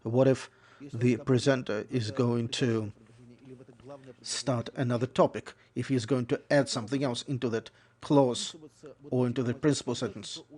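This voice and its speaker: A man voicing an English lecture on interpreting, explaining at a measured pace and often correcting himself as he goes. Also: medium pitch, darkish tone.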